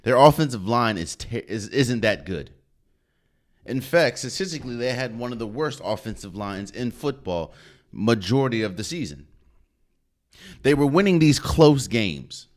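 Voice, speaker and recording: A man hosting a podcast, breaking down football in an emphatic, animated way. His pitch sits in the middle but swings widely as he leans into his points, and he often repeats phrases for effect. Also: normal speed. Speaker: podcast host. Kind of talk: solo sports commentary.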